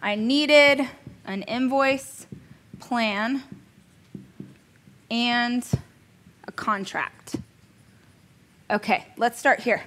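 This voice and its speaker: Lady coach talking high and bubbly in a class, jokey and chatty, laughs at herself. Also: extremely slow, long pauses, fairly bright tone. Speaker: business coach. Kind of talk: casual coaching class talk.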